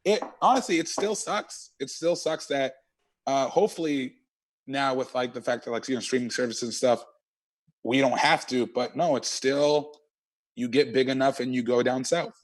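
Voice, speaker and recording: A man, a stand-up comedian, telling stories in an animated, slangy and profane way as an interview guest. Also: medium pitch, moderate pace. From Canada. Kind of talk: casual interview chat.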